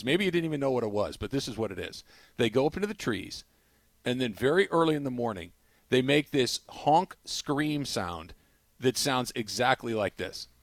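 A man in his forties from the Los Angeles area, co-hosting a casual sports talk show and telling animated stories. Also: mid-range voice, dry recording. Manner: animated storyteller, does loud bird-call impressions. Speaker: sports radio co-host.

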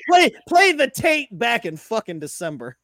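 High, lively man in excited sports banter. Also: moderate pace, dry recording, studio quality. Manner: animated, swears, repeats words when excited. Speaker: podcast co-host. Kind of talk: casual sports chat.

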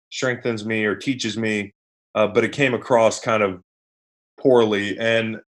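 A man's voice: fairly low pitch, a bit bright. A man hosting a sports podcast, talking casually in a rambling, conversational way with wry asides. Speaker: podcast host.

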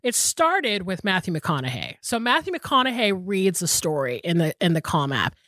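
A woman's voice: on the low side, sing-song, moderate pace, a bit bright, no echo, clean studio sound. A woman in her thirties co-hosting a podcast, telling a story in casual chat with lots of "like" and some swearing. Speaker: podcast co-host.

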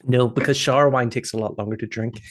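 A man's voice: medium pitch, steady tone, fast talker. A man who is a guest on a podcast, chatting casually and dropping wry, joking asides while laughing easily. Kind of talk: casual chat.

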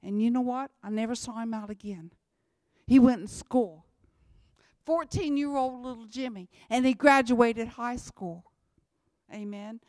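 A woman's voice: on the high side, a little slow, darkish tone, no room sound. A woman speaking as a missionary, telling church testimony stories in a repetitive, emphatic way.

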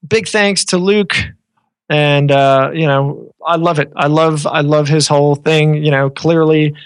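A man's voice: on the high side, steady tone, a little slow, clear, resonant tone, dry recording. A man hosting a podcast in an easygoing, friendly way, often restarting his sentences. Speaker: podcast host. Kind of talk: casual podcast chat.

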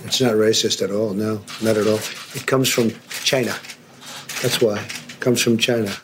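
A man's voice: fairly low pitch, fairly even intonation, moderate pace, over a noisy crowd. A man giving press conference remarks in a blunt, repetitive, emphatic way.

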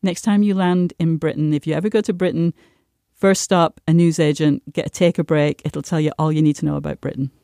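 A woman on a podcast panel, chatting casually with frequent halting restarts. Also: deep voice, fairly even intonation, vocal fry, dark tone, no room sound, studio quality. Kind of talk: casual chat.

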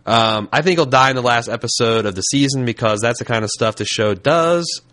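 A man's voice: mid-range voice, a little fast, a bit bright. A man from Indianapolis hosting a podcast, chatting casually in a blunt, wry way with a lot of swearing. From Indianapolis, USA. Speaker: podcast host. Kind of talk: casual chat.

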